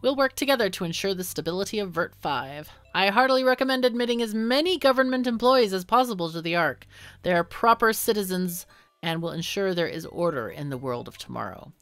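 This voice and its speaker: A woman reading game dialogue as a smooth, formal male propaganda official. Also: medium pitch, expressive, fairly quick, fairly bright tone, dry recording.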